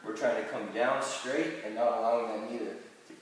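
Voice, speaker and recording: Recorded far from the mic in a very echoey room with a little hiss or hum, a male chiropractor coaches viewers through back exercises one step at a time, with occasional small restarts. He speaks at a moderate pace in a medium pitch with fairly even intonation.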